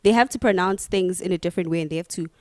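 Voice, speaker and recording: Chatty animated young woman panelist. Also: on the low side, racing, no echo, studio quality. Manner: chatty, animated, mimics others. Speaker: youth talk show panelist. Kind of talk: casual panel discussion.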